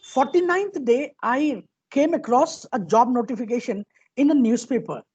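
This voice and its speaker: A man's voice: very high voice, expressive, moderate pace, a little mellow, breathy edge, muffled recording. A man with an Indian accent giving an earnest motivational talk, telling a personal story and often repeating words as he goes. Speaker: motivational speaker.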